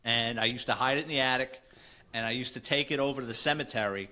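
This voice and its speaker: A man's voice: mid-range voice, fast, pushed and bright. A man with a New York accent hosting a podcast, chatting casually and recalling shared memories. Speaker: podcast host. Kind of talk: casual conversation.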